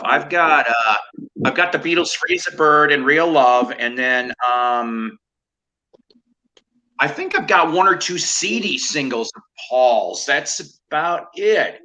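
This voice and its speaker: A man's voice: fairly high pitch, lively intonation, measured pace, bright, forceful tone, poor audio. A man hosting a casual group chat with friends, laid-back and playful. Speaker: host.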